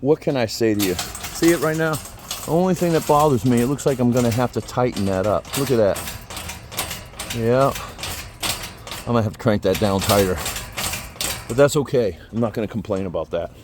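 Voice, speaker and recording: A man's voice: medium pitch, a little fast, pauses often, noisy background. Chatty folksy man reviewing a product. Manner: chatty, folksy, repeats himself. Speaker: product reviewer, channel host. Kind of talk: casual product review vlog. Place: outdoors by a vehicle, then indoor man cave.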